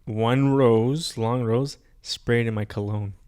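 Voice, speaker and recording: A man's voice: mid-range voice, steady tone, slow, darkish tone, clean tone. A man co-hosting a casual comedy podcast, laid-back and self-mocking. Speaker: podcast co-host.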